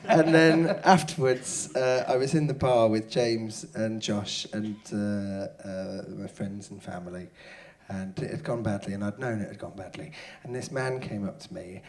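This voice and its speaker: A comedian guest telling a funny story in casual chat, often breaking into shouts and laughter as he acts out the people in it. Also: on the low side, a little slow, hardly any pauses. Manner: lively storytelling, shouting out quoted hecklers, laughing. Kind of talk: casual anecdote. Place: stage before a live audience.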